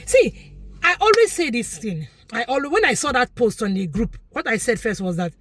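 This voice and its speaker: A Nigerian woman delivers a preachy commentary monologue to her viewers. Her high voice leaps up and down with lively emphasis, and she repeats lines to drive points home. The sound is close and dry. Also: moderate pace, husky, no room sound. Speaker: vlogger commentator.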